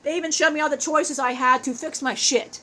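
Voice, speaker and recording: A woman's voice: high voice, fairly even intonation, brisk, bright, forceful tone, slight background noise. A woman channeling the spirit of a big, bald dead man who swears, jokes crudely and laughs often. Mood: joking.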